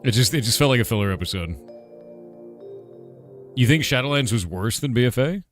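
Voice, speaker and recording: A man's voice: mid-range voice, lively intonation, a little fast, soft background music. A man who is a game developer, chatting casually on a livestream Q&A, blunt and profane, with lots of filler words.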